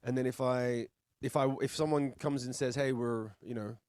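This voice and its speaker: Australian musician guest, mid-range voice, relaxed and blunt with casual swearing, recorded dry over a video call. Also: male voice, medium pitch, moderate pace, clean tone, no room sound. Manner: laid-back, blunt, chatty, swears casually.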